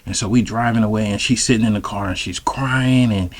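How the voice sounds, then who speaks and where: A man's voice: fairly low pitch, fairly quick. Guy rambling thru a funny story, lots of slang, keeps checking in with the listeners. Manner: rambling, loose slang-heavy delivery; addresses listeners directly. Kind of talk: comedic storytelling.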